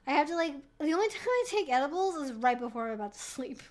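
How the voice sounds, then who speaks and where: A woman's voice: sits high, sing-song, quick pace. A young woman hosting a casual live-stream Q&A, rambling and swearing freely, laughing often and sounding slightly tipsy.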